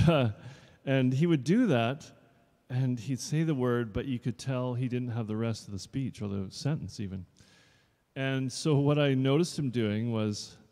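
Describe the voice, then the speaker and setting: A man in his fifties chats loosely with a live audience, rambling through stories and tossing them jokes. His voice is mellow and of middling pitch, and it rings out with a long reverb in a showroom. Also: unhurried. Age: 50s. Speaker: actor. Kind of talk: casual talk to a live audience.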